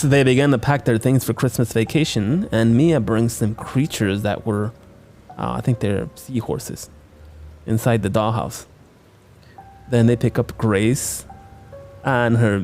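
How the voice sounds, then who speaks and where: A podcast host recaps a film in loose, profane asides. His voice sits at a mid pitch, and his delivery is casual and wisecracking. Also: measured pace, a little mellow, soft background music.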